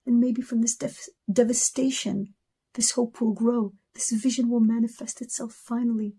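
A woman's voice: on the high side, flat delivery, normal speed, warm tone, slightly rough. A woman in her thirties giving an emotional personal testimony in a video message, talking with passion and stacking repeated words into rising lists.

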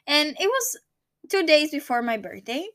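Young Greek woman, high bright voice. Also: sing-song, normal speed, no room sound, studio quality, faint music behind. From Greece. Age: 20s. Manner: rambling, searches for English words. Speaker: vlogger. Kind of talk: casual personal storytelling.

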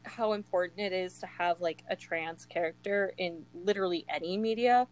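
A woman's voice: lowish voice, normal speed, a little mellow, poor audio. A young woman chatting casually about a book she loves, gushing, laughing often and filling her talk with "like". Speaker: co-host of a book discussion. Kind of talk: casual chat.

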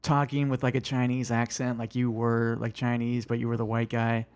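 A man in casual podcast conversation, tossing in questions and brief reactions. His pitch sits in a middle range, and he keeps a relaxed, conversational delivery. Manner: prompting questions, quick reactions. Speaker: podcast host.

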